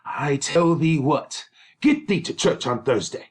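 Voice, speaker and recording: Bullying old patriarch in a fury, a man reads him, barked clipped threats, animated pitch. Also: measured pace, breathy edge. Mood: furious. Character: furious domineering older male lord, father. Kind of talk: dramatic reading of a play.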